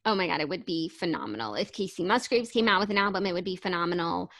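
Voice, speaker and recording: A woman's voice: on the low side, expressive, fast talker, gravelly, a bit bright. A young woman co-hosting a podcast, chatting in a rambling way with many restarts. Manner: rambling, self-interrupting, reads stories aloud. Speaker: podcast co-host. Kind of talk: casual chat.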